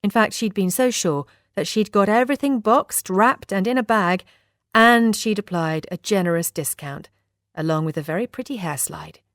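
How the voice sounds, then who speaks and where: A woman narrating a novel in the first person with lively, expressive storytelling. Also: mid-range voice, normal speed, no echo, clean studio sound. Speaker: audiobook narrator.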